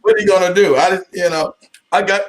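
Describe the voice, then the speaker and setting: A man with a slightly high-pitched voice speaks casually to an audience, like family. He jokes and swears freely, and his sentences keep restarting and wandering into asides. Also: steady tone, fast. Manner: joking, profane, full of restarts and asides; keeps addressing the audience as family. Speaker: speaker at a community talk. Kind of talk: casual storytelling talk to an audience.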